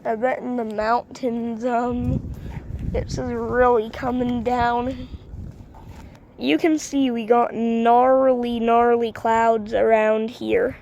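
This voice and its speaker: A woman's voice: on the high side, flat delivery, slow pace, a little mellow, muffled recording, a little hiss or hum. A woman vlogging casually outdoors on a street into a phone, rambling and hesitant with many ums. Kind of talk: casual vlog.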